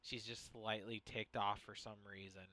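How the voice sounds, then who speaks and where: A man co-hosting a podcast, joking with quick asides in casual chat. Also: fairly low pitch, flat delivery, bright, forceful tone. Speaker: podcast co-host.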